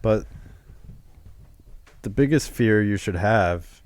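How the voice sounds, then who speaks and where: A man's voice: fairly low pitch, slow pace, a little mellow, slight background noise. A man co-hosting a podcast in casual chat, laid-back and repeating himself. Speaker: podcast co-host.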